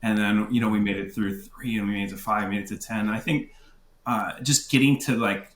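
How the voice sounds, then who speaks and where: A man's voice: fairly low pitch, fairly even intonation, a little fast. A man wedding photographer chatting as a podcast guest, easygoing and rambling with many fillers. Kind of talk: casual podcast chat. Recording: roomy echo.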